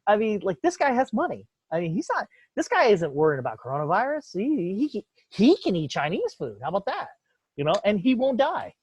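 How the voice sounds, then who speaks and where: Husky, ranting podcast man. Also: high-pitched, huge pitch swings, brisk, no room sound. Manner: profane, heated, rambling. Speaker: podcast host. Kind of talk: casual opinionated chat. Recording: dull lo-fi dry recording.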